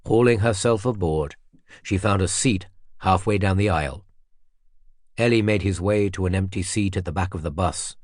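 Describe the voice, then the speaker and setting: A man with a fairly low voice narrates a thriller audiobook in a measured, even way. The recording is close and completely dry. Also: no room sound. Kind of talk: scripted narration.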